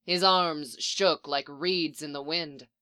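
A narrator reading a story aloud in an even, measured way. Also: medium pitch, clean tone. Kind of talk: audiobook reading of fan fiction.

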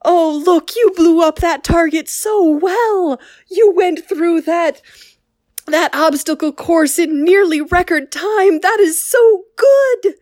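Brief: fiercely protective alien master, as a woman puts him on, pitched up, gushing. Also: slow pace, a little mellow, no room sound, clean studio sound. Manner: gushing, possessive praise.

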